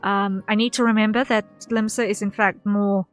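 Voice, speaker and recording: A woman's voice: medium pitch, little pitch movement, moderate pace, hardly any pauses. A woman streamer in casual chat with her viewers, rambling and repeating herself with lots of ums. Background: faint background music.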